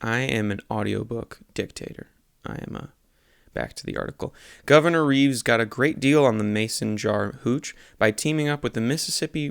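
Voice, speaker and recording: A young man reading his own satirical newspaper articles aloud in a deadpan voice, stopping to correct his slips and swearing at them. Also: mid-range voice, creaky, smooth, dry recording, studio quality. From Texas. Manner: self-correcting reader who swears at his own mistakes.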